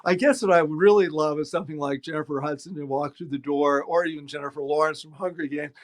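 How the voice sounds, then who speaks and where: Middle-aged man, bookstore owner, chatty anecdotal guest, slightly high voice. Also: quick pace. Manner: animated anecdotes, acts out quoted voices. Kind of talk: casual interview storytelling.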